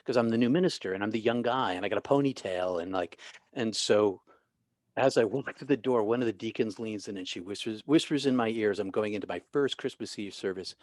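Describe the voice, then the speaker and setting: Animated male guest, low dry voice. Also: fairly quick, dry recording. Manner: animated, restarts often, acts out quoted people. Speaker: guest, author and former minister. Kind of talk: storytelling interview.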